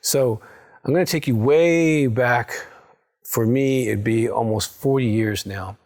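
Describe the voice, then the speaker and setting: A man's voice: mid-range voice, slow, darkish tone. A man in his sixties, a psychologist giving a direct, coaching talk to viewers and often checking in with "okay?". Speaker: psychologist and recovery counselor.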